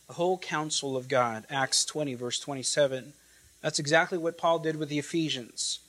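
A man preaching an expository sermon, emphatic and repetitive, swinging from loud declarations to hushed lines and drawing out quoted scripture and Greek words. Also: on the high side, fairly even intonation, moderate pace, rough recording.

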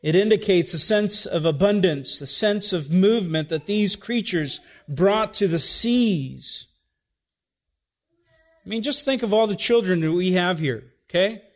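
A man's voice: sits high, animated, unhurried. A man preaching an expository sermon, explaining words in a teacherly way with dry asides and frequent checks of "okay?". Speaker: pastor.

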